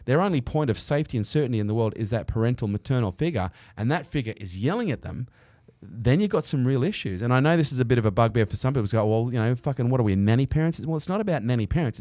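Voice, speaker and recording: A man's voice: medium pitch, a little mellow, no echo, studio quality. A man speaking as a podcast guest in a candid interview, earnest and emphatic, with casual swearing. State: he is a parent.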